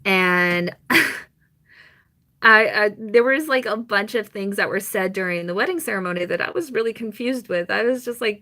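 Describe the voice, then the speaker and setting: A young woman chatting on a live stream, telling a rambling personal story with quick laughs and mock quotes. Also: on the high side, animated, sharp tone.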